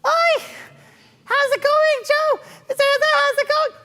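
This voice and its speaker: A man storyteller voicing a flustered, fast-talking wife on the phone, shrill and exclaiming. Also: level tone, pushed and bright, full character voice. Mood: cheery.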